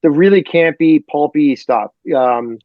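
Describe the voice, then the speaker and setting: A man from Detroit, a novelist guest on a podcast, talking in a rambling, animated way full of fillers. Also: on the high side, measured pace, dry recording, phone-quality sound. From Detroit, USA. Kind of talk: casual podcast chat.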